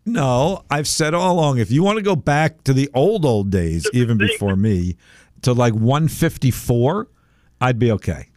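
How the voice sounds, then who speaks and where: A man hosting a sports talk radio show, animated and emphatic, taking calls and arguing his points. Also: mid-range voice, moderate pace, no echo, studio quality. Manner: animated, emphatic, gets fired up.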